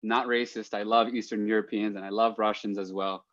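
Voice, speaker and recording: A man's voice: on the low side, level tone, brisk, a bit bright, no echo. Man thinking aloud on muffled audio. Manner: thinking aloud, repeats words when restarting. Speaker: podcast guest. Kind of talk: casual chat.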